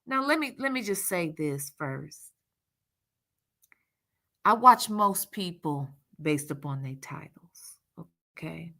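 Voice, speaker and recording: A woman hosting a casual livestream, chatting and talking straight to her viewers in a sassy, lively way. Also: slow pace. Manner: lively with loud jumps in pitch. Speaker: YouTube commentary host. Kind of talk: casual livestream commentary, reading the chat.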